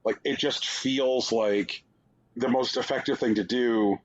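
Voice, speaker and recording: A man's voice: mid-range voice, steady tone, unhurried, muffled recording. A man co-hosting a podcast, giving wry, rambling game reviews in casual chat, full of "like" fillers. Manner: rambling, wry, heavy use of "like". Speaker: podcast co-host.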